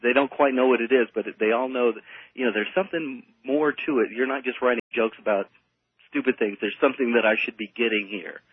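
A man with a mid-range, slightly husky voice chats as a guest on a radio talk show, explaining things in an easygoing way. His audio is thin and phone-like. The sound is dry, with no room. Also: medium pitch, brisk, dry recording.

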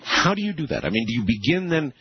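A man's voice: a little high, very animated, fast, slight background noise. A man hosting a radio talk show, interviewing guests and reacting with amazement, often restarting his sentences. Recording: muffled lo-fi radio audio.

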